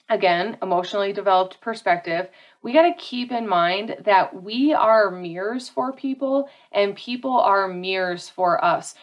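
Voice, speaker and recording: A woman speaking earnestly and directly about handling conflict. She talks casually to her listeners and repeats key phrases for emphasis. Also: medium pitch. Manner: casual, addresses listeners as "y'all" and "you guys". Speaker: self-help speaker. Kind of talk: motivational talk to an audience.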